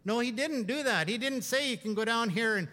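Middle-aged Canadian pastor, high voice, conversational sermon, reverberant church hall. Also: male voice, fairly quick, bright, forceful tone. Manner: conversational preaching, rising for emphasis, often repeating himself. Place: church sanctuary.

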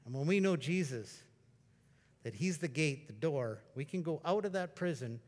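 A man's voice: fairly high pitch, moderate pace. Conversational preacher man, reverberant hall. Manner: conversational storytelling preacher, bursts into excited exclamations. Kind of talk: sermon. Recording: long reverb of a large hall.

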